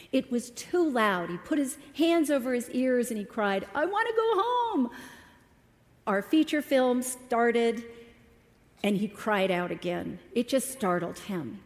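A woman's voice: medium pitch, darkish tone. A middle-aged woman telling a personal story to a church congregation, speaking earnestly with emotional emphasis. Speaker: guest speaker at a church service. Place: church sanctuary. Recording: long hall reverb from a church.

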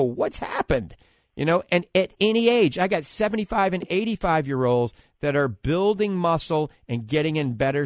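A man with a New Orleans accent co-hosting a radio health show, giving upbeat, persuasive advice and pitching products. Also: dry recording, studio quality.

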